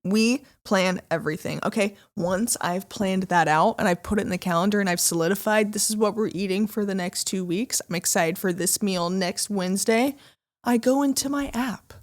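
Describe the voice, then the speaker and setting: A woman's voice: mid-range voice, moderate pace. A woman from the American Midwest co-hosting a podcast, chatting casually and animatedly with many fillers. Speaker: podcast co-host. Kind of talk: casual chat.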